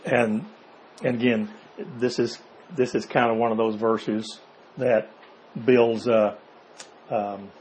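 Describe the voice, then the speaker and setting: A man's voice: medium pitch, fairly even intonation, takes it slowly, pauses often, darkish tone, a little hiss or hum, rough recording. Man teaching a casual Bible class. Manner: asks rhetorical questions, checks in with "okay?" and "see?"; reads verses aloud, then explains them in plain words.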